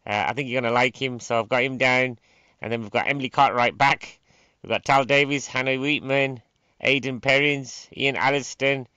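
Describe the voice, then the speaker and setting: A man, a comedian, rambling through a chatty podcast monologue in a deadpan way that drifts into mock outrage. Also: mid-range voice, clean tone, dry recording. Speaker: stand-up comedian and event promoter. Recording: dry, dull lo-fi sound.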